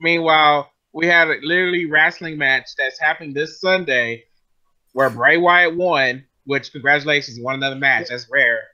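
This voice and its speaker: A man's voice: fairly high pitch, fairly even intonation, normal speed, sharp tone. A man in a casual chat on a video call, laid-back and wry. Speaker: podcast co-host. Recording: muffled call audio.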